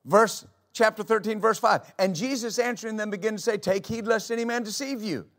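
Male pastor, high voice, preaching a church sermon with rhetorical questions. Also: fairly quick, fairly bright tone. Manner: preaching with rhetorical questions, reading scripture aloud.

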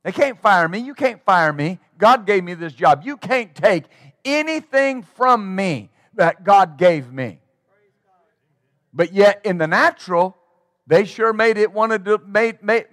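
A man's voice: high voice, fairly bright tone, no echo, clean studio sound. A man preaching a sermon as pastor, emphatic and rhythmic, drawing call-and-response from his congregation.

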